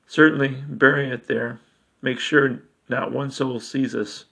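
A man's voice: mid-range voice, fairly even intonation, measured pace, creaky, bright, forceful tone, breathy edge, heavily acted. A man voicing a nervous, stammering man who poses as a boy's father in a read-aloud story. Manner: stammering, hedging.

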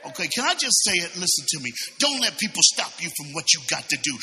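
Preacher, male, high bright voice, big swings in pitch, live church reverb. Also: fast talker, few pauses. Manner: animated, shouting, laughing asides. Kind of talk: sermon. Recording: reverberant church sanctuary sound.

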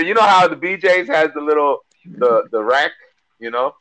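A man with a Miami accent, co-hosting a casual podcast and telling stories in a profane, animated way full of fillers. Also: a little high, normal speed, no echo, low-quality recording. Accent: Miami English. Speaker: podcast co-host.

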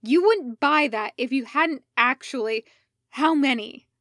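A woman voicing an angry young male clone soldier who shouts harshly and demands answers. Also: fairly high pitch, takes it slowly. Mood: furious.

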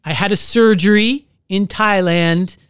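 A man who is a pastor, telling his own story in an earnest, halting way and searching for his words. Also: sits high, fairly even intonation, fairly bright tone, clean tone, no room sound, studio quality. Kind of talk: candid personal testimony in conversation.

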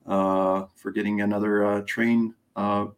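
Man, co-host, lower voice, relaxed rambling rundown. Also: unhurried, a little hiss or hum. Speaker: co-host, racing recap. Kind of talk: casual chat.

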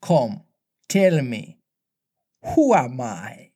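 A man's voice: on the high side, lively intonation. Captain Hook, read by a man. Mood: wheedling. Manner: theatrical, drawn-out old-fashioned speech. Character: menacing, shaken pirate captain, older man.

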